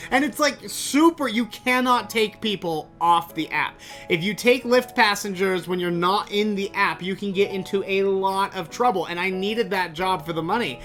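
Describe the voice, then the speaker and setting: A man hosting a podcast, telling a story in an animated, exasperated way and swearing freely. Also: high-pitched, normal speed, soft background music. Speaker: podcast host. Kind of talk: casual storytelling monologue.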